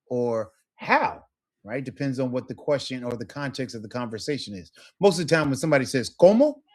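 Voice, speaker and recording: A man teaching a one-on-one Spanish lesson, patient and encouraging, modeling words slowly for a student. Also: medium pitch.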